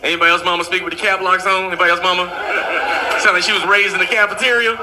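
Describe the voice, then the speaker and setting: A man from the American South with a Southern accent, doing animated stand-up storytelling. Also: high voice, very fast. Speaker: comedian. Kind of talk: stand-up comedy. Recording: loud background noise.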